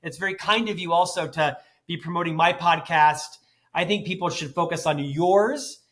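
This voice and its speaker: Intense animated man in his fifties. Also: a little high, moderate pace. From United States. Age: 50s. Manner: intense, animated, self-deprecating. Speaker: guest. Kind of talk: podcast interview.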